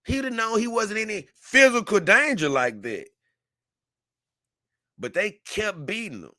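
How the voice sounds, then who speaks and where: A man's voice: high voice, animated, unhurried, sharp tone, dry recording, studio quality. Earnest man telling a story. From Memphis, Tennessee. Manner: earnest, rambling storytelling with many restarts. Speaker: vlogger. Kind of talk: casual talk to camera.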